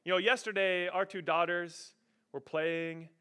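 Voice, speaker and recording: Pastor guy preaching, kinda high pitched, bright and punchy, really animated. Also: unhurried, clean tone. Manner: animated, emphatic preaching with swings in volume. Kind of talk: sermon.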